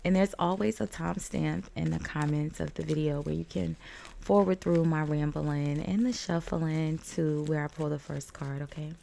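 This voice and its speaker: A low-pitched, steady voice with a creaky, dark tone and moderate pace comes from a tarot reader still recovering from a cold. At home by an open balcony door, with faint outdoor noise behind her, she rambles casually, dropping fillers and little laughs.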